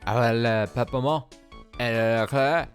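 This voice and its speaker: A man's voice: mid-range voice, slow pace, faint music behind, natural voice. A man voicing a flamboyant male French restaurant owner in a hammy, put-on French accent, reading game dialogue. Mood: fawning. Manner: exaggerated hammy accent, theatrical.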